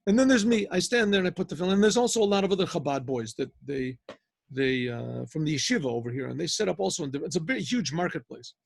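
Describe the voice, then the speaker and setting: A man's voice: fairly high pitch, fast talker, gravelly, no echo. A man, a rabbi, telling a story in a rambling, conversational way with many restarts, speaking over a video call. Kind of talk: storytelling talk.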